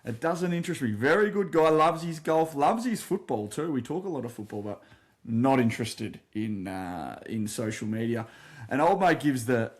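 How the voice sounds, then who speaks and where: A man's voice: mid-range voice, moderate pace. Australian man spinning a footy yarn. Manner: animated yarn-spinner, quotes others loudly, laughs through stories. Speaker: podcast co-host. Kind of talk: casual storytelling chat.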